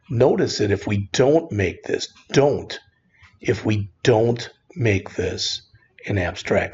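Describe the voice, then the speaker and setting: Gravelly, husky man teaching code. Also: on the low side, lo-fi sound. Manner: relaxed, conversational, frequent "all right". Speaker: programming instructor. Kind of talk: screen-recorded coding lesson.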